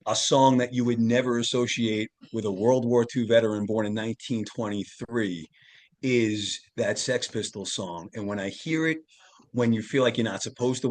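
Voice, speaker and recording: A man, a guest on a talk show, telling a family story in an earnest, animated way. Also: lowish voice. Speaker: podcast guest, tarot reader and author. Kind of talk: casual storytelling interview.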